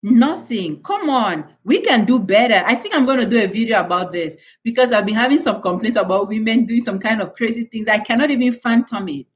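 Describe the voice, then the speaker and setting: A woman's voice: fairly high pitch, animated, a little fast, few pauses. Woman from cameroon ranting on her live stream, preachy and emphatic, a bit muffled. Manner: emphatic, lecturing, repeats words for stress. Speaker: channel host. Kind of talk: live-stream chat to viewers.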